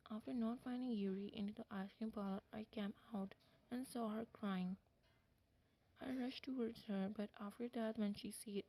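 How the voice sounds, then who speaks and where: Woman narrator, mellow tone, steady story reading, now and then a whisper. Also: mid-range voice, normal speed, poor audio. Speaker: fan fiction narrator.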